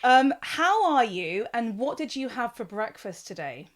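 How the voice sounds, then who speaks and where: A woman's voice: a little high, sing-song, a little slow. A woman hosting a podcast interview, chatty and gushing, with plenty of fillers. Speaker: podcast host.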